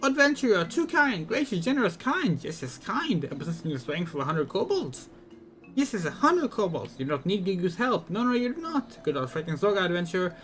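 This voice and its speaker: A fretful little kobold, high-pitched and whimpering, heaps woe upon woe, as a man puts him on. The voice sits well above a normal man's speaking pitch and keeps lurching between cries, with faint game music underneath. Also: very animated, fairly quick, fairly bright tone. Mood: pleading. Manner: piles up gloomy synonyms, whimpering and pleading. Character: fretful wailing male kobold, small and timid.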